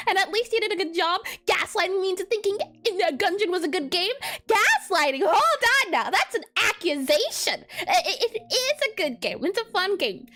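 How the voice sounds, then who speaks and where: A woman's voice: very high voice, sharp tone. A woman game developer chatting casually on a livestream, bubbly, with frequent stammered restarts and giggles. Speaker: game developer streaming her work.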